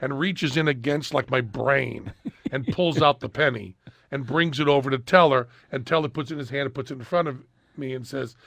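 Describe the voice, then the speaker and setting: A middle-aged man hosting a podcast, telling a story in casual chat and loudly acting out the people in it. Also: medium pitch, brisk, vocal fry, no room sound. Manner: animated, shouts and acts out quoted people. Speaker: podcast host.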